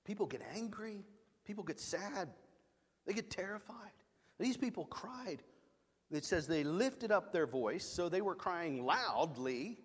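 Animated middle-aged male preacher, echoing hall. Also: sits high, measured pace, slight background noise. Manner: animated, emphatic storytelling. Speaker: pastor. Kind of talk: sermon.

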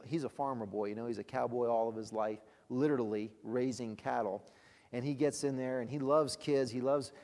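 A man's voice: medium pitch, darkish tone, big-room sound. A man leading a ministry, telling testimony stories in a conversational way, with frequent restarts and laughter. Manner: conversational storytelling, halting restarts, laughs often. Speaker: ministry leader.

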